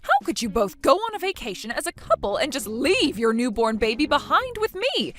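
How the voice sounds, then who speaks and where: Synthetic woman as an outraged scolding friend, high and lively, soft music under. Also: brisk. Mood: accusing. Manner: scolding, demanding questions. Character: indignant woman friend, accusing and shrill.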